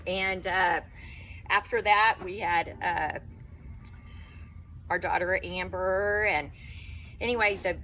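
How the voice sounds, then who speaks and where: A woman's voice: mid-range voice, a bit bright, slight background noise. A middle-aged woman giving a eulogy for her father-in-law, fondly reminiscing with laughs between memories. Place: memorial service.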